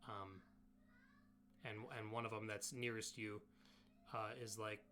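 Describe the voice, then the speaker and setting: A man's voice: on the low side, little pitch movement, measured pace, pushed and bright, slight background noise. A man narrating as game master in a casual, rambling way with many fillers. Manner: casual, filler-heavy, restarts often.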